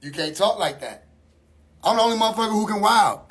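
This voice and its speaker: Brisk and lively in intonation, his high voice a bit bright and husky, the host swears nonstop through a mocking livestream rant. Incredulous, he repeats his own questions for effect.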